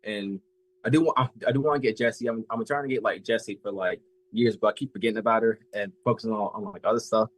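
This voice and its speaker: An eighteen-year-old man chatting casually as a collector guest, halting and filling every pause with "like". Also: lowish voice, steady tone, no room sound, poor audio. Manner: halting, fills with "like" a lot. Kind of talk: casual chat.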